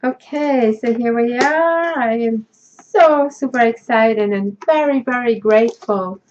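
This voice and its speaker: Woman vlogger, crafting host, high and unhurried, excitable, dull home audio. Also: a little hiss or hum. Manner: gushing, emotional, laughs often. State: tearful, choked up. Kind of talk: casual unboxing vlog.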